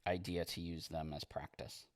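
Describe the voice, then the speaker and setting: A man streaming as he paints miniatures, chatting casually in a relaxed, rambling way and reading viewer comments aloud. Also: rumbling low, moderate pace, no room sound. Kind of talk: casual livestream chat while painting.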